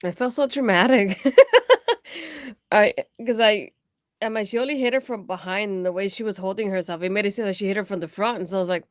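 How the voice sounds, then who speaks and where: A woman co-hosting a podcast in relaxed chat, talking with an accent and laughing often. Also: medium pitch, fairly quick, no room sound, clean studio sound. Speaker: podcast co-host. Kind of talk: casual wrestling recap chat.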